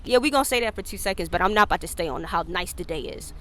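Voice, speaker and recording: Speaking rapid-fire in a voice on the low side, a woman hosts her own solo podcast over a slight hiss or hum. She's frank and foul-mouthed, laughs a lot, and animatedly performs the lines people said to her.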